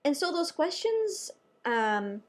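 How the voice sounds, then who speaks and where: Speaking slowly in a high voice, a young adult woman who works as a nurse shares a personal story on camera, chatty and animated with lots of fillers.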